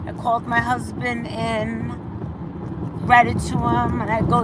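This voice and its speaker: A woman on a live stream retelling a dispute in a drawn-out, profane way. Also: on the high side, flat delivery, heavy background noise. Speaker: livestreamer telling her side. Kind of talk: slow storytelling on a live stream.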